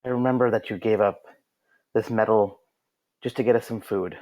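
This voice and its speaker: A man playing a tabletop game in character, speaking earnestly and haltingly, with fillers. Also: fairly low pitch, steady tone, darkish tone, poor audio. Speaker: player.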